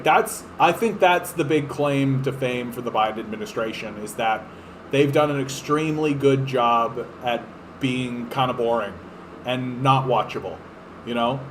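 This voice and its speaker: A man's voice: medium pitch, a bit bright, slight background noise, poor audio. A man hosting a political podcast, ranting in a profane, fired-up way with lots of fillers. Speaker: podcast host. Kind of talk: political commentary rant.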